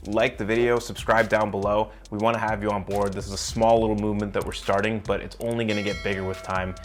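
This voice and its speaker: A man's voice: lowish voice, little pitch movement, fast talker, faint music behind. A young man giving blunt, emphatic advice in a casual vlog, talking straight to the viewer and swearing now and then. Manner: talks directly to the viewer in a coaching way. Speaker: self-improvement vlogger.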